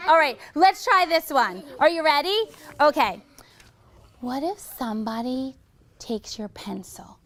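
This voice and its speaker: A woman teacher leading young children in a classroom, animated and full of praise. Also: sits high, a little slow.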